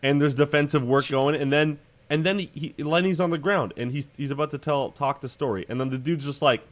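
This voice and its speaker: A man's voice: a little high, a little fast, dry recording. A young man co-hosting a podcast, teasing and cutting in with jokes. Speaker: podcast co-host. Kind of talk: casual banter.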